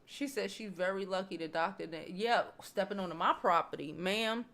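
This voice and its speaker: A woman hosting a casual celebrity gossip chat, blunt and profane, reading viewer comments and talking straight to her audience, calling them "child" and "y'all". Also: moderate pace. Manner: swings between loud animated bursts and low near-murmurs. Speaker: host. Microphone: home streaming setup, waiting on new mics.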